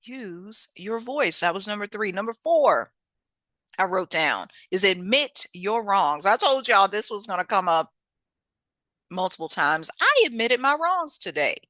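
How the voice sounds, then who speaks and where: A woman's voice: sing-song, measured pace, pushed and bright, no echo. A woman hosting a podcast, delivering an emphatic, folksy motivational monologue with frequent laughs and repeated key phrases. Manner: sudden swoops up in pitch for emphasis. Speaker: podcast host and author; singer and teacher.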